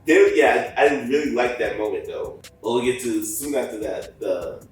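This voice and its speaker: A man co-hosting a podcast review in casual chat, retelling scenes animatedly and jumping up in pitch and volume to act out the characters. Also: unhurried. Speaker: podcast co-host reviewing a cartoon series. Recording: echoey room, distant mic, faint music.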